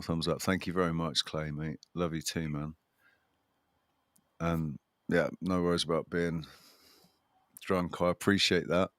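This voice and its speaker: A man with a very deep, low voice chats casually as a livestream host. He rambles and restarts his sentences often, breaking into a chuckling laugh. The sound is dry and close, with almost no room echo. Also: flat delivery, unhurried, long pauses, a bit bright. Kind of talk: casual chat.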